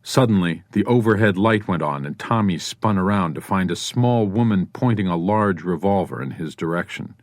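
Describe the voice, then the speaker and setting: A man reads a crime novel aloud in a measured, even delivery. His voice is low-pitched. The studio recording is dry and close, with no room reflections. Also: dry recording. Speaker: audiobook narrator. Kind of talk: scripted narration.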